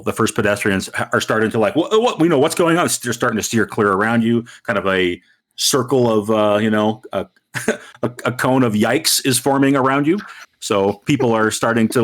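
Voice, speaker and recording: Chatty man running a tabletop game. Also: on the low side. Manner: relaxed, wordy, with many fillers. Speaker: game master.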